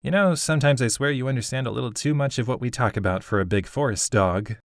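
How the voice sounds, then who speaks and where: A man's voice: mid-range voice, fast talker, no echo, clean studio sound, pitched above the performer's own voice, lightly acted. A man voicing a modest, playful gnome with a wry, teasing manner.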